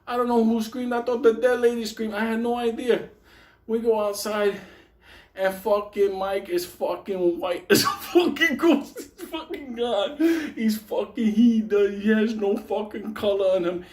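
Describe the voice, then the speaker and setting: High-voiced man telling a raunchy story. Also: a little slow. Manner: profane, laughs often; animated, rambling. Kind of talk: casual storytelling.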